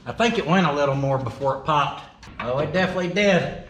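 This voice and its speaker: A man's voice: fairly high pitch, animated, fast, fairly bright tone, a little hiss or hum. A man chatting casually and joking as he works on an old truck in his shop. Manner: folksy, joking, talks to himself and his dog. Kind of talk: casual workshop vlog narration.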